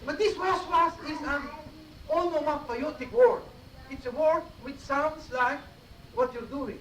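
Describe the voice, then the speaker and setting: A man's voice: extremely high pitch, measured pace, fairly bright tone. A man giving a mosque sermon in a teacherly way, often checking his listeners with short questions, on an old cassette tape. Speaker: preacher giving a Friday sermon. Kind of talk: explanatory sermon. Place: mosque hall. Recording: roomy, distant 1980s cassette tape with faint hiss.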